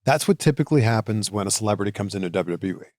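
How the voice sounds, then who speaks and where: Quick-talking male interviewer. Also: on the low side, lively intonation, darkish tone, no echo, studio quality. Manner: brief reactions and short questions. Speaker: interview host. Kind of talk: casual interview.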